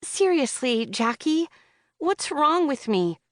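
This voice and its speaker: A woman's voice: sits high, sing-song, slow pace, fairly bright tone, no echo, studio quality, pitched above the performer's own voice, heavily acted. A woman voicing an awkward, self-conscious young woman gamer who speaks earnestly and flustered, in an audiobook.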